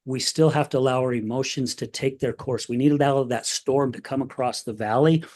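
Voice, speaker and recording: A man's voice: medium pitch, fairly even intonation, brisk, a little mellow. A man hosting a podcast in casual conversation, telling his own story openly and getting emotional. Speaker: podcast host.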